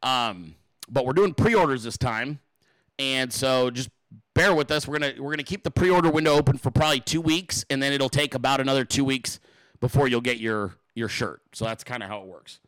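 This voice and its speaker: A man's voice: mid-range voice, a little fast, a bit bright, no room sound, poor audio. A man hosting his own talk show, venting in an angry, profane, blunt monologue to his viewers. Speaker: show host.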